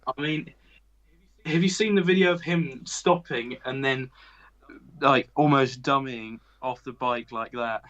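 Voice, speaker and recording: A man's voice: mid-range voice, measured pace, fairly bright tone, dull audio. A man on as a guest in a casual chat, talking in an amused way and drawing out his words.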